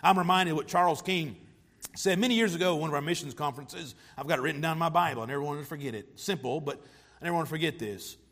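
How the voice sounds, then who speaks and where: A man preaching a sermon with emphatic delivery, stretching and rushing words for effect. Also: on the high side. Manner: emphatic, varying pace and loudness for effect. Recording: long hall reverb.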